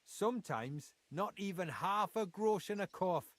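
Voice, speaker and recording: A man's voice: high voice, expressive, unhurried, no echo. An actor with a Geordie accent playing a blunt, impatient male mine foreman in a video game. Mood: grudging. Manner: blunt, dialect-heavy, grumbling.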